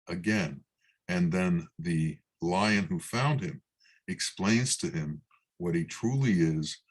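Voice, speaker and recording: A man gives a spiritual talk as a Sufi teacher, unfolding a parable in a measured way. His voice sits low, and he takes his time, leaving long pauses between phrases. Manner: slow, measured storytelling.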